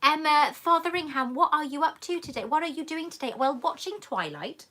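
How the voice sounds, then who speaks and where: A woman's voice: high voice, animated, brisk, sharp tone. A woman hosting a casual live chat, reading viewer comments aloud and calling people darling. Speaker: YouTube host answering live chat questions.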